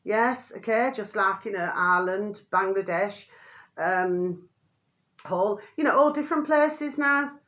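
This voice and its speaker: A woman's voice: mid-range voice, a little slow, a bit bright. An older woman, vlogging in a rambling, chatty way, repeating the same pet phrase and drifting off topic. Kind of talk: rambling casual monologue to camera.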